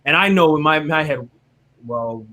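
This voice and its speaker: A man with a slightly high voice tells his faith testimony as an interview guest. He is casual and animated, and he often checks in with "right?" He also voices the people in his story as he goes. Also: normal speed. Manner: animated, often tags "right?", acts out other people's words.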